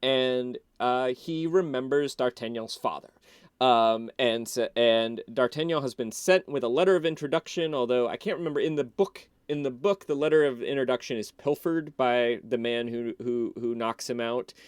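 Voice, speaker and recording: A man as a podcast guest, casually retelling a film in an animated, loose way with many restarts. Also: mid-range voice, normal speed, clear, resonant tone, no room sound, clean studio sound.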